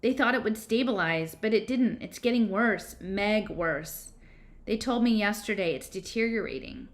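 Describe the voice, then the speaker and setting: A woman voicing a frightened, sharp-tongued teenage girl in an audiobook reading, with urgent, tumbling explanations. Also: mid-range voice, moderate pace, close to an everyday voice. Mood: scared.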